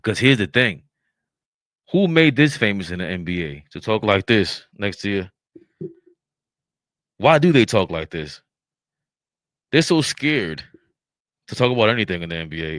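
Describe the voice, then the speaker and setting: Low-voiced man hosting sports reaction commentary. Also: no echo. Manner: animated, mocking asides. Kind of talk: reaction commentary, reading and riffing.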